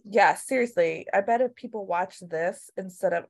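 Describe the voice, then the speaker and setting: An animated woman talking casually about a TV show, tossing in swear words and jumping into little impressions of people. Her voice sits at a middling pitch, and the delivery is loose and conversational. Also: normal speed. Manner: animated, swears freely, acts out quotes. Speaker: podcast co-host. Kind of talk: casual chat recapping a TV show.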